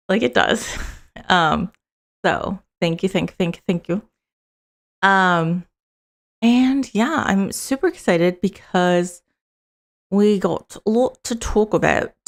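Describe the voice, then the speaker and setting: A young woman hosting her own political live stream, chatting loosely with lots of fillers and casual swearing. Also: on the low side.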